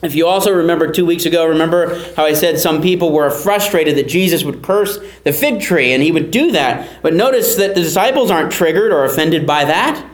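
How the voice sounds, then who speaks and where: A man delivers a sermon in a fairly high voice, teaching earnestly and repeating key phrases for emphasis. His voice rings through a roomy, echoing space. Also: brisk, hardly any pauses. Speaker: pastor.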